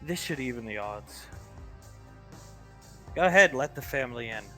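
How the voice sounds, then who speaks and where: A man's voice: mid-range voice, lively intonation, normal speed, bright, forceful tone, faint music behind. Man voicing a sneering villain. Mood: mocking. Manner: taunting, sneering. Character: menacing male villain, mocking and cold.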